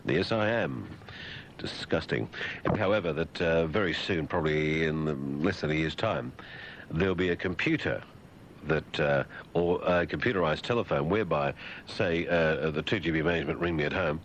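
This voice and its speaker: A man with an Australian accent, a radio host riffing sardonically in a deadpan monologue on a lo-fi broadcast recording. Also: low-pitched, normal speed. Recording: dull lo-fi radio broadcast with faint hiss.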